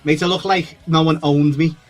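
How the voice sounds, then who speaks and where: A man co-hosting a podcast, chatty and relaxed as he tells stories. His voice sits a little high. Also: normal speed. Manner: laid-back, chatty storytelling. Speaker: podcast co-host. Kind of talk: casual chat.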